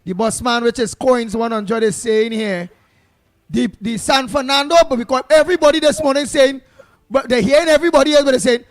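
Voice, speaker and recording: Very high-voiced Trinidadian radio host. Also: male voice, dry recording, clean studio sound. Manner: brisk, friendly banter with callers. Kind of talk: casual talk-radio chat.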